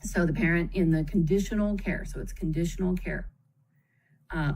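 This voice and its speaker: A woman with a lowish, mellow voice walks viewers through a parenting chart in a live stream. She keeps it conversational, pausing to check in with "okay?" and speaking of kids with gentle empathy. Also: slight background noise, low-quality recording. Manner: warm, empathetic phrasing, calls children "kiddo". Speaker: parenting educator. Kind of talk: live-streamed explanatory talk.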